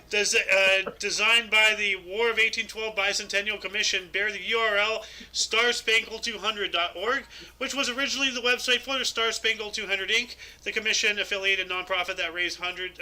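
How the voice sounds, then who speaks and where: Young man, high voice, very bright tone, casual news reading, stumbles and asides. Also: low-quality recording. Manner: reads articles with stumbles and asides. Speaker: podcast co-host reading news. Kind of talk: casual chat, reading news stories aloud.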